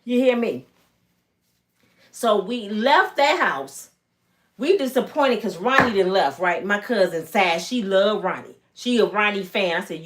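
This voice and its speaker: Animated, lively woman from Michigan. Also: mid-range voice, moderate pace, a little hiss or hum. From Michigan, USA. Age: 50s. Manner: animated, emphatic, acts out voices. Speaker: storytelling vlogger. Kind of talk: casual storytelling.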